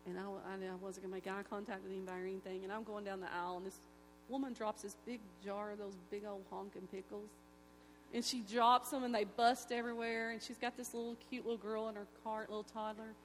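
A woman giving an emotional, folksy church testimony, telling stories with animated delivery. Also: mid-range voice, fast, slight background noise. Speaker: testimony speaker.

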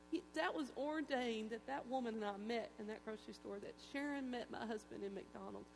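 A woman's voice: on the high side, gravelly, noisy background. Folksy woman telling a testimony. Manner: emotional, folksy, animated storytelling. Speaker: testimony speaker. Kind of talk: church testimony, storytelling.

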